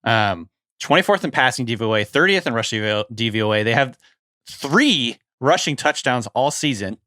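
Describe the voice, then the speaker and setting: A man co-hosting a fantasy football podcast, animated and quick to react with stats. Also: mid-range voice, no echo, clean studio sound. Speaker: podcast co-host. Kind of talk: casual sports podcast chat.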